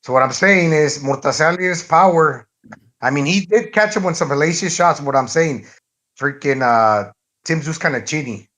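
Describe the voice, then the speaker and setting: Pria bersuara agak tinggi, bicara berulang-ulang. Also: male voice, a little high, moderate pace, a bit bright. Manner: rambling, repeats himself, fillers. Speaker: podcast co-host. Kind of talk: casual boxing podcast chat.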